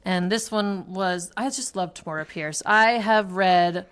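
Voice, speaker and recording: Smooth-voiced chatty middle-aged woman. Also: medium pitch, measured pace, fairly bright tone. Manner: chatty, rambling, self-correcting. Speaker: book reviewer, mother. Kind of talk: casual book chat.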